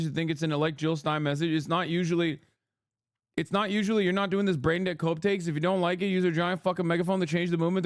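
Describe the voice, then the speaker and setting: A man's voice: sits high, smooth, dry recording, studio quality. A man live-streaming, ranting at his chat in a profane, combative way. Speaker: live streamer reacting to a clip. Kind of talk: heated casual stream rant.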